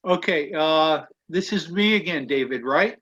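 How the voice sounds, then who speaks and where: High-voiced man reading slowly on a call. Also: lively intonation, a bit bright. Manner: measured, deliberate reading with stressed words. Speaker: reader in a study webinar. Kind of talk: reading quotes aloud with commentary. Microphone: video call. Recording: dull, dry video-call audio.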